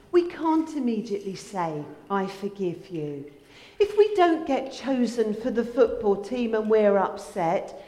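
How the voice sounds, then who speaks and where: Slow, lively woman speaking to children. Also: on the high side. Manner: gentle, storytelling, speaking to children. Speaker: children's talk leader. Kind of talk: children's address in church. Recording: echoey hall with long reverb.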